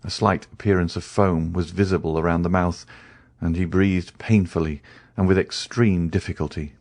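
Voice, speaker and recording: Low-voiced man reading an audiobook. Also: steady tone, normal speed, darkish tone, no echo. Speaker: narrator. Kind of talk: audiobook narration.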